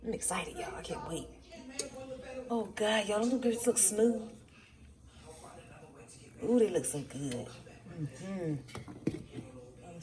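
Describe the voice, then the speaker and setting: A woman chatting excitedly in a casual cooking vlog, often saying y'all. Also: fairly high pitch. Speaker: vlogger. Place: home kitchen with frying food.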